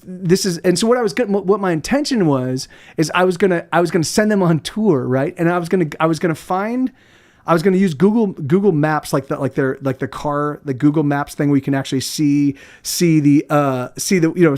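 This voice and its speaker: A man chatting casually on his livestream as a musician, rambling and swearing with many restarts. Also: a little high. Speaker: musician streamer.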